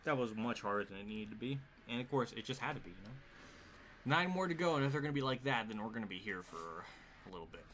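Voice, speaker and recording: A man streaming live from home talks through a racing game, exasperated and swearing freely, with laughs breaking in. His voice swings widely up and down. Steady noise is clearly heard under his voice. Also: mid-range voice, quick pace. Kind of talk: live gameplay commentary.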